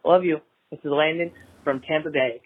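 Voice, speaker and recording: A man's voice: a little high, steady tone, normal speed, dry recording. A man calling in to a podcast with a blunt, profane voicemail question. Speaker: caller. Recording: tinny phone line.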